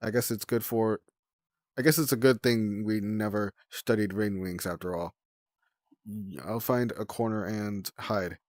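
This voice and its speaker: A man voicing a sly, cool young female rain dragonet in a storybook, with a relaxed, drawling delivery. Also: lowish voice, a little slow, no room sound, natural voice.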